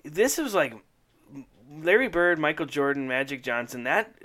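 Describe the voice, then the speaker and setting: A man co-hosting a casual podcast chat, rambling excitedly and laughing often as he talks. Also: fairly high pitch, normal speed. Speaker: podcast co-host. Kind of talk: casual chat about old commercials.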